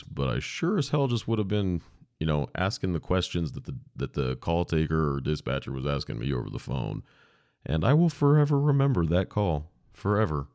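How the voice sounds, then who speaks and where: Man, podcast host, extremely deep voice, casual storytelling, profane, dry close sound. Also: vocal fry, darkish tone, no room sound. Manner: candid, profane, conversational. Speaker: podcast host, former 911 dispatcher.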